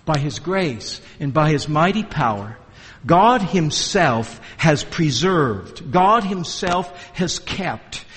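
Male preacher, high voice, emphatic sermon style, long hall echo. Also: fairly bright tone, husky. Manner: emphatic, asks rhetorical questions.

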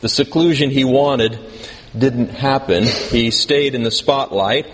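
A man's voice: mid-range voice, slow. A male pastor preaching a sermon in a conversational way, asking the congregation questions and adding dry humor. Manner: dry self-deprecating humor. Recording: long reverb in a hall, faint background noise.

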